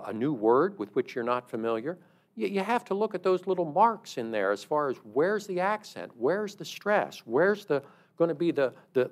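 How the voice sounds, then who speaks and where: A middle-aged man preaching a sermon in a conversational, storytelling way, stressing words emphatically. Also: fairly high pitch.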